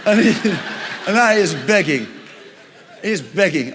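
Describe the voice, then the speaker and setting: A man preaching a storytelling sermon, retelling a Bible story in an animated way with frequent chuckles. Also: sits high, takes it slowly, pauses often, in a large hall.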